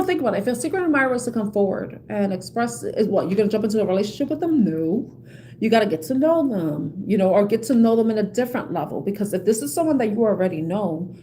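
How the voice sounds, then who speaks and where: A woman's voice: medium pitch, warm tone, slight background noise. A woman giving a casual tarot reading to her viewers, chatty and laughing often, with many "you know"s. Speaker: tarot reader.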